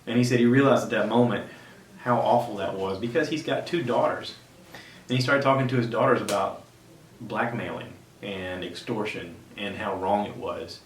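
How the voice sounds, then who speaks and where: A man's voice: steady tone, normal speed. A man hosting a podcast, retelling a story in a casual, rambling way and often restarting his sentences. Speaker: podcast host. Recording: roomy sound from a distant mic with faint rumble.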